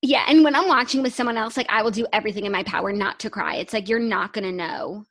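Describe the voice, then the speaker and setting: A woman co-hosts a podcast, keeping the chat casual and upbeat and saying "like" often. She talks fast, with a medium-pitched, slightly bright voice.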